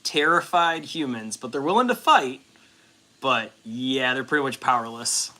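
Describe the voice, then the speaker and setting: A man hosts a relaxed hobby livestream and chats in a loose, rambling way. He swears freely and fills his talk with ums and likes. His voice sits at a middle pitch with a bright, forward tone. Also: normal speed. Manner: rambling and profane, with frequent fillers and laughs. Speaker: livestream host. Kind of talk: casual chat during a hobby stream.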